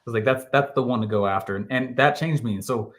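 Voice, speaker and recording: Give me an animated man guest who laughs often and acts out quotes. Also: medium pitch, fast talker. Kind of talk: storytelling interview answer.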